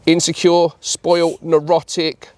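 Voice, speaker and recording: A man's voice: fairly high pitch, monotone, measured pace, a little mellow, no room sound. A man, coaching dog owners in a hands-on training session, talking bluntly with plenty of swearing and voicing what the dog is thinking. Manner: blunt, sweary, mimics the dog's thoughts.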